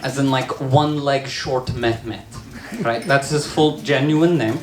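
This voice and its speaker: A trans woman performing a stand-up comedy set in a bar, telling stories with deadpan asides. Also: very deep voice, measured pace. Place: bar with live audience. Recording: roomy bar recording with crowd laughter.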